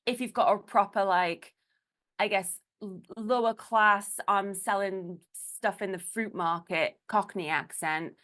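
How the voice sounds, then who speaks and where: An English woman from Newcastle, speaking with a Geordie accent at an everyday middle pitch. She talks in a loose, casual podcast manner, quick bursts full of restarts. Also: fairly bright tone. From Newcastle, England. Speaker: guest, burlesque host and comedian.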